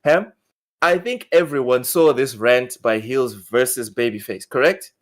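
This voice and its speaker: A man's voice: medium pitch, unhurried. A man hosting a gaming podcast in casual chat, often repeating words as he talks. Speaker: podcast host.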